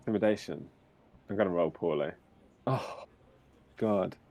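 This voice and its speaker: Brief: man, low voice, relaxed player at a tabletop game.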